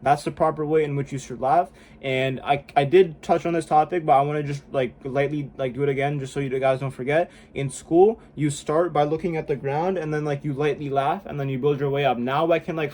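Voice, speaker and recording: A man's voice: fairly high pitch, fairly even intonation, a little fast, hardly any pauses, darkish tone. A young man vlogging casually and self-consciously, rambling with lots of "like" and "bro". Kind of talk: casual self-help vlog. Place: room indoors at home.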